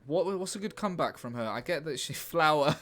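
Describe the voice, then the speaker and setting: A man's voice: a little high, lively intonation, fairly quick, a bit bright. A man chatting casually on a live stream while he writes a script, musing aloud. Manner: musing aloud, chatty, laughs at his own ideas.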